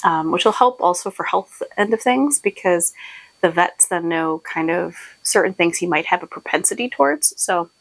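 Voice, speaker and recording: A woman's voice: lowish voice, moderate pace, creaky, dry recording, rough recording. Chatty, sleepy woman podcast host. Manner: chatty and rambling, with many fillers and laughs. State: sleep-deprived. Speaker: podcast host and shop owner. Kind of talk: casual chat to camera.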